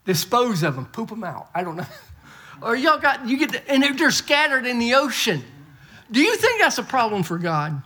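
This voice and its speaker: A man's voice: extremely high pitch, very animated, moderate pace, pushed and bright. A middle-aged man preaching a folksy sermon, often repeating and restarting words. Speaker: pastor. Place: church.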